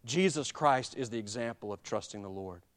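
A man, preaching a sermon that moves between quiet personal confession and loud, emphatic exhortation. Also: medium pitch, expressive, normal speed. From Alabama. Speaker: pastor.

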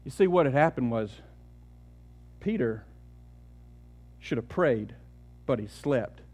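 A man's voice: medium pitch, lively intonation, slow, darkish tone, husky. A man pastor preaching a sermon, telling the story with rhetorical questions and often repeating words.

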